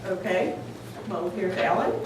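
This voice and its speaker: A woman's voice: fairly low pitch, fairly even intonation, unhurried. A woman hosting a club speech contest, upbeat and laughing often as she hands out certificates. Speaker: contest host. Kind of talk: speaking at a club event. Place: meeting hall. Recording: echoey hall from far off with loud crowd noise.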